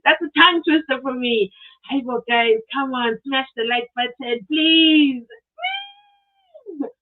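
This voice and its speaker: A woman from South Africa runs a casual live stream, reading out comments and exclaiming as she goes. Her voice sits a little high. The sound is narrow and tinny, like a phone call. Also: normal speed. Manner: chatty, animated, reads comments aloud, exclaims often.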